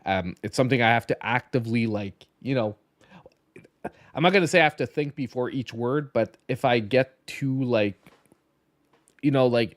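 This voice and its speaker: A man's voice: medium pitch, moderate pace, pauses often, no echo. A tired man hosting a casual gaming podcast, rambling with many restarts and a slight lisp. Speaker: podcast host. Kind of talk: casual late-night podcast chat.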